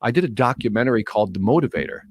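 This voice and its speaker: A man's voice: medium pitch, expressive, rapid-fire, dry recording. A middle-aged man speaks as a podcast guest, telling stories with eager, earnest energy. His voice sits in a middle register. It comes across dry and close, with almost no room sound. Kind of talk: casual podcast interview.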